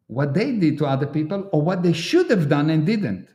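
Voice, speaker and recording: Animated higher-voiced man. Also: normal speed. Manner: animated storyteller, acts out quotes. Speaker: host. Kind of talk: casual livestream chat.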